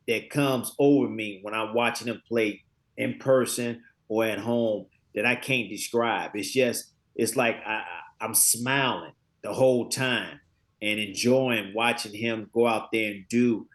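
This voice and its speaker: A man in his fifties, speaking at a middling pitch, tells stories casually as an interview guest. He acts out quoted dialogue and often repeats words while gathering his thoughts.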